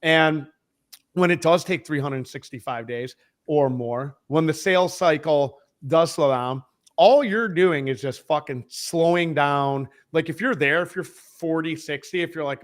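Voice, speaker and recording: A man's voice: a little high, normal speed. A man on a podcast as a guest, talking casually in a profane, emphatic, rambling way about selling. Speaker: podcast guest, head of sales.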